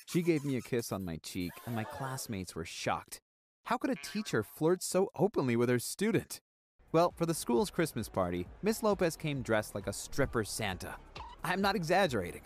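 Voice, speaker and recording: A man giving an expressive, scripted first-person narration for an animated story. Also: mid-range voice, normal speed, a little hiss or hum.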